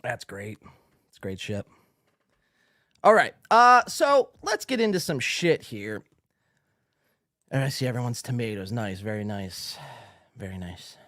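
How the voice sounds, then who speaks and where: This live-streamed podcast host has a mid-range, sing-song voice, unhurried with long pauses, yet he is loud, profane and yelling with hype, and out of breath. He reads out viewer comments in loose talk, captured on a studio mic with no echo and studio quality.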